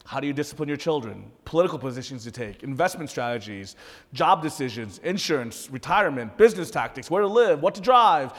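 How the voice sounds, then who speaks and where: Pastor, male, 30s; chatty, lively sermon delivery, slightly high voice. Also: a little fast, big-room sound. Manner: conversational, animated, addresses audience directly.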